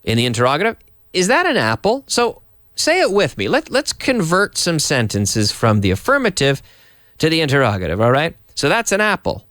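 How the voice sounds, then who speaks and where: A man's voice: on the high side, huge pitch swings, normal speed, a bit bright, dry recording, studio quality. A middle-aged man from Canada teaching English to Spanish speakers, acting out example sentences with big, exaggerated question intonation.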